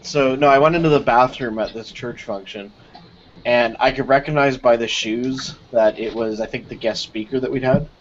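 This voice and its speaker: A man's voice: medium pitch, normal speed. A man hosting a casual live chat with friends, telling stories with playful asides. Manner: animated storyteller, playful asides. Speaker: podcast host. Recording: dull lo-fi mic with steady hiss.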